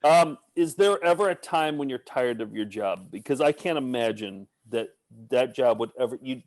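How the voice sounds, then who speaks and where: A man's voice: medium pitch, lively intonation, moderate pace, darkish tone, no echo. A man co-hosting a podcast, asking curious, rambling, joking questions in casual chat.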